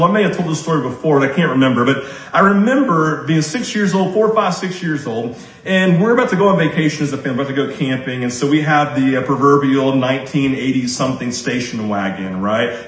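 A man preaching a sermon as pastor, repeating his key lines slowly for emphasis and often tagging "right?" onto his sentences. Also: medium pitch. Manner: frequent tag question "right?". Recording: roomy echo.

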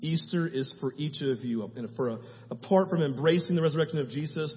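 A man preaching in a church, fervent and conversational, pressing his listeners with repeated questions. His voice sits a bit high for a man and rings with a long hall echo. The sound is slightly dull. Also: brisk, a little hiss or hum. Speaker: pastor. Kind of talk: sermon. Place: church sanctuary.

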